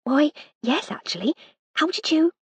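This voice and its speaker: A woman's voice: sits high, big pitch swings, normal speed, no room sound, pitched above the performer's own voice. A woman doing a timid, jumpy young maid. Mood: nervous. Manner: hesitant, breaking off, dropping to hushed tones.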